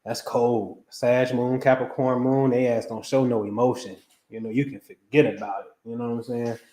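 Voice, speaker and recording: A man's voice: mid-range voice, fairly even intonation, moderate pace, warm tone, echoey room. A middle-aged man hosting a casual astrology reading, talking loosely and slangily and calling out viewers by name. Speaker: astrology reader host. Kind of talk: casual live-stream reading.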